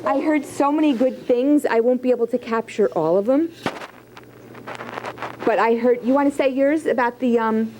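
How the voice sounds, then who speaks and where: A woman's voice: fairly high pitch, moderate pace, dark tone, a little hiss or hum, rough recording. A woman teacher leading a writing lesson, asking question after question and encouraging her students. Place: classroom.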